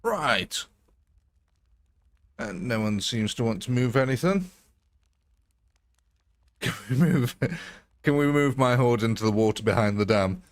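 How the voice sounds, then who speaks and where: A man's voice: mid-range voice, lively intonation, a little slow, long pauses. Chatty man hosting a game stream. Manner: chatty, jokey, laughs often. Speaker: live-stream host. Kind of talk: casual live-stream chat.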